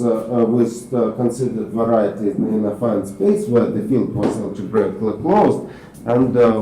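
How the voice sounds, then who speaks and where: A man with a Russian accent giving a university math lecture in a halting way, filling his pauses with uh. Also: mid-range voice, mellow. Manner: halting, frequent uh fillers, switches to Russian with students. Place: lecture hall. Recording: roomy echoey classroom, mic from far off, faint noise.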